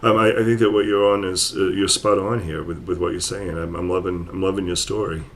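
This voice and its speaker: A man's voice: deep voice, little pitch movement, a little fast, fairly bright tone, a little hiss or hum. A man hosting a casual interview as a therapist, affirming his guest with stammered restarts. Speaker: podcast host, therapist.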